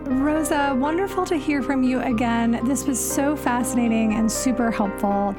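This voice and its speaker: A woman hosting a podcast, chatting casually in an upbeat, gushing way. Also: a little high. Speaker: podcast host.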